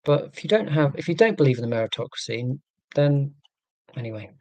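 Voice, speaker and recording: A man's voice: mid-range voice, expressive, a little fast, darkish tone, no echo. A man from England hosting a live stream, chatting in a rambling, self-deprecating, joking way. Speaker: livestream host.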